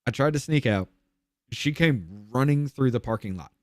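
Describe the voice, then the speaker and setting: A podcast guest tells his personal story candidly in an expressive voice at a moderate pace, captured in a dry studio-quality recording. He's blunt and profane, dropping low and quiet on the painful parts.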